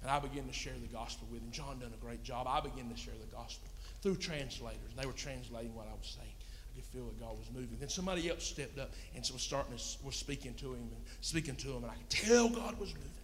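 A man's voice: mid-range voice, quick pace, few pauses, slight background noise. A man preaching a sermon, telling a story in a folksy, plain-spoken way. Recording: long reverb in a hall.

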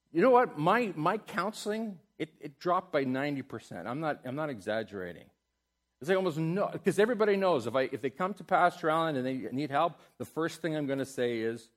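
A middle-aged pastor with a mid-range voice preaches a sermon, shifting between loud, emphatic exhortation and soft, tender prayer.

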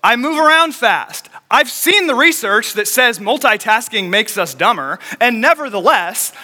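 A man in young adulthood preaching a sermon as a pastor, telling a story quickly and with animation. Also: very high voice, sharp tone, in a large hall.

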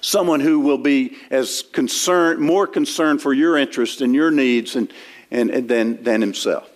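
A man's voice: mid-range voice, unhurried. A man preaching an expository sermon in a church, talking in a conversational way with frequent restarts while he quotes and explains scripture. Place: church sanctuary.

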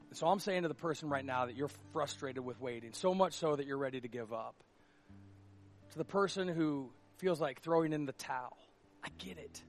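A man preaching a sermon as pastor, impassioned and confessional, swinging between loud urgency and hushed admission. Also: medium pitch.

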